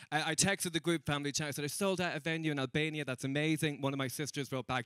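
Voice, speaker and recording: Irish male stand-up, young, bright crisp voice, chatty, self-mocking, dry close sound. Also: on the high side, very fast, few pauses, no echo. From Ireland. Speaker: stand-up comedian. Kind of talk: stand-up comedy set. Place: comedy venue stage.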